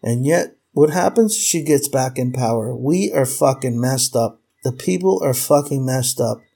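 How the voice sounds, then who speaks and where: Man, gravelly and husky, angry profane vlog rant. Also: medium pitch, mellow. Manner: furious, profane, repetitive ranting. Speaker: vlogger. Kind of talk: angry political rant to camera.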